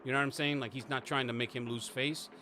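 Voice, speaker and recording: A man's voice: mid-range voice, fairly even intonation, fast, pushed and bright, a little hiss or hum. A man narrating as game master, rambling with lots of restarts and casual swearing.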